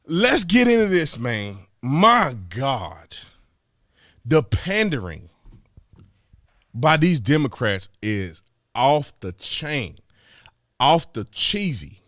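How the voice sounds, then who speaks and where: A Texan commentary host launches into an exasperated political rant, animated and repeating his points. His voice is a little high and he takes it slowly, pausing often, in studio-quality sound with no room noise.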